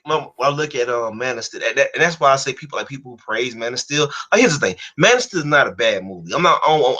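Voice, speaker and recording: Fast, bright-voiced man ranting angrily. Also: mid-range voice. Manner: profane, angry, repeats himself. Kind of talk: heated casual rant.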